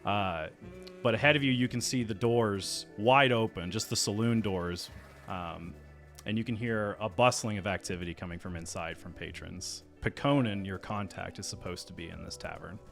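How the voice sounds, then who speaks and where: A man's voice: fairly low pitch, moderate pace, creaky, fairly bright tone, soft background music. A man narrating a tabletop game as game master, loose and full of fillers.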